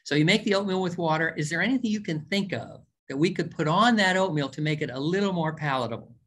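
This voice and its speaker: Folksy, emphatic doctor lecturing. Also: male voice, on the high side, fast, fairly bright tone. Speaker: doctor giving a diet lecture. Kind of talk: informal recorded lecture.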